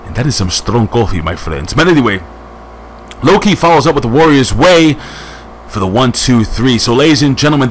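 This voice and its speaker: A man casually reviewing a wrestling show, rambling and joking with quick asides, hyped up on strong coffee. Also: medium pitch, slight background noise. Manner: rambling, jokey, lively asides.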